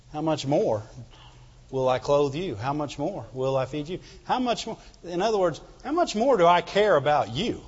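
Pastor, man, fervent sermon delivery, fairly high voice, dull lo-fi church recording. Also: animated, measured pace, darkish tone, breathy edge. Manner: fervent preaching, asks the congregation "Amen?". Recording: reverberant hall, dull lo-fi sound.

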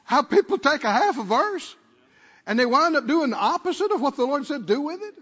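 A man preaching a sermon and calling out to the congregation, sometimes rising to a shout. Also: very high voice, sing-song, fairly quick. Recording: muffled sound with long church reverb.

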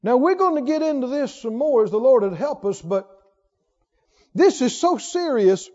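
Fervent high-voiced preacher in a reverberant hall. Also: male voice, lively intonation, moderate pace. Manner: fervent, emphatic, swings from loud to hushed. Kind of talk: sermon. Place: church sanctuary. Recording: lo-fi recording with long hall reverb.

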